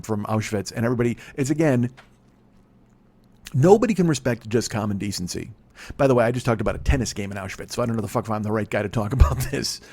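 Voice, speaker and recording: Fast rambling, profane man in his forties. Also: fairly low pitch, darkish tone. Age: 40s. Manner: rambling, profane, self-interrupting. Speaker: comedy podcast host. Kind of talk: solo comedic monologue.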